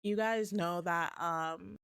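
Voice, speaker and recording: A woman's voice: lowish voice, fairly even intonation, takes it slowly, creaky, a bit bright, clean tone, no room sound, clean studio sound. A young woman chatting casually on a livestream, rambling, joking at her own expense and laughing often. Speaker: streamer.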